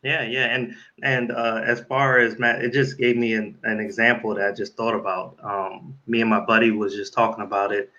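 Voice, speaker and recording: A man's voice: on the low side, level tone, moderate pace, hardly any pauses, bright, forceful tone, dull audio. A man hosting an interview, chatting loosely with frequent fillers and hesitations. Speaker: interview host. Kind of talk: casual interview chat.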